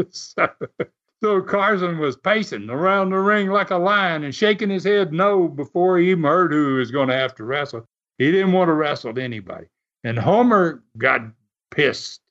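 A man's voice: on the high side, expressive, moderate pace, fairly bright tone. A man, a former wrestler, telling a story in a folksy, laughing way with many fillers. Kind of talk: casual storytelling. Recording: slightly muffled recording.

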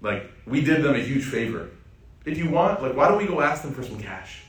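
A man's voice: big pitch swings, fairly quick, close to an everyday voice. A man voicing an alarmed, exasperated male prophet who cries out in indignation and pleads for forgiveness. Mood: coaxing. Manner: high-pitched, indignant outbursts. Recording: echoey room, distant mic.

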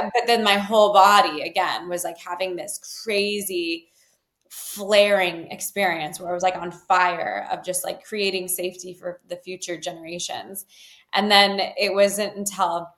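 A woman with a fairly low, fairly bright voice, a healer appearing as an interview guest, tells her personal story. She talks loosely with many fillers and restarts, and the recording has a roomy echo.

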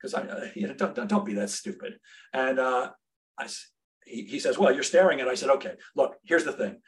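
A man's voice: medium pitch, lively intonation, brisk. A middle-aged man, a sales trainer and podcast guest, telling a brash, humorous story and acting out the dialogue.

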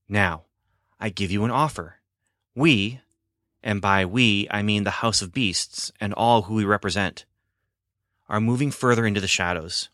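A grave male Sasquatch elder delivers his warnings slowly and deliberately, voiced by a man reading a story. The voice sits low and tense, and the sound is dry and close. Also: a bit bright, dry recording. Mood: solemn.

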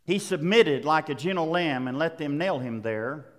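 A man preaching a sermon to his congregation, with emphatic delivery, dramatic pauses and building intensity. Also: a little high, lively intonation. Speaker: pastor. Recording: long reverb of a large hall.

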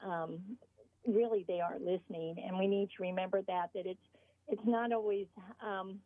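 A woman author being interviewed, explaining earnestly in short halting phrases over the phone. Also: medium pitch, steady tone, no room sound. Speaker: author guest. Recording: tinny phone line.

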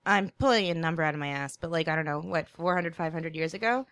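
A woman's voice: low voice, fast talker, fairly bright tone, no room sound. A woman guest on a podcast, chatting casually with a wry, teasing manner. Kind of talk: casual chat.

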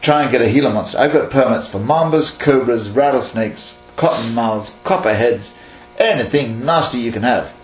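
A man from Kenya in his sixties, an animal handler telling stories in a lively, laughing way and acting out bits of dialogue. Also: medium pitch, moderate pace, few pauses, soft background music. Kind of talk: casual interview storytelling. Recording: echoey room with mains hum.

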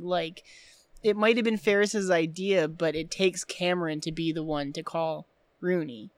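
A woman co-hosting a casual podcast, retelling film scenes in an animated way with lots of "like" fillers. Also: on the low side, a little slow, no echo. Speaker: podcast co-host.

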